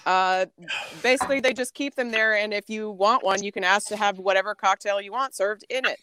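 A woman's voice: mid-range voice, brisk, sharp tone, clear, resonant tone, no echo, low-quality recording. A woman guest on a casual live chat, brash and teasing, swearing freely.

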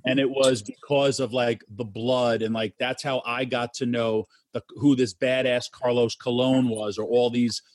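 A man's voice: mid-range voice, level tone, a little slow, hardly any pauses, no room sound. Casual male interviewer, dry sound. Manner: loose and rambling, many fillers.

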